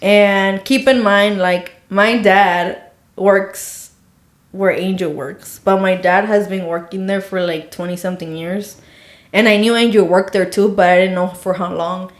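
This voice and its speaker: A woman's voice: medium pitch, fairly even intonation, measured pace. Chatty young woman in an echoey room. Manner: rambling, filler-heavy storytelling with many "like"s. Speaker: podcast co-host. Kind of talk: casual storytelling chat. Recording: roomy echo.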